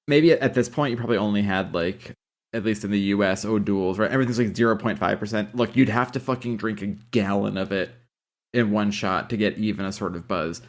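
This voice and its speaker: A man co-hosting a podcast in loose casual chat, swearing freely and laughing as he reacts to the episode. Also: fairly low pitch. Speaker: podcast co-host.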